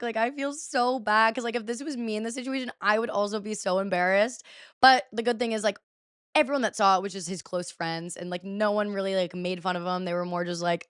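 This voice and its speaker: A young woman in her twenties tells a story to her podcast listeners in a loose, chatty way, swearing now and then and leaning on "like" constantly. Her voice is smooth and clear, recorded close and dry with no room around it. She sits at a middling pitch. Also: fairly quick, no room sound. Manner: chatty, swears freely, lots of "like". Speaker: podcast host. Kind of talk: casual storytelling.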